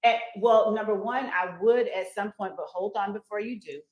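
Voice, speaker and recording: A woman's voice: medium pitch, normal speed, a little mellow. Woman attorney questioning in an echoey courtroom. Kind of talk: courtroom examination.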